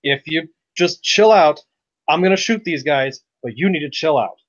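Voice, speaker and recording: A man voicing a tough hired gunman who orders a panicking woman to calm down. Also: fairly high pitch, normal speed, lightly acted. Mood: bossy. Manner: gruff, commanding. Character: tough gun-for-hire man, brash and bossy. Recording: dry, lo-fi recording.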